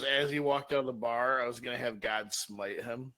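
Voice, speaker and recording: Man, co-host, swearing, comic storyteller, mid pitch. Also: normal speed, low-quality recording. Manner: profane, energetic storyteller. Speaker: podcast co-host. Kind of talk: casual comedic storytelling.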